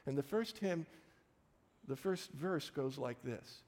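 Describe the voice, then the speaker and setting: A man's voice: a little high, animated, slow pace, a little mellow, in a large hall. A man preaching a sermon as a pastor, telling personal stories in short, punchy phrases.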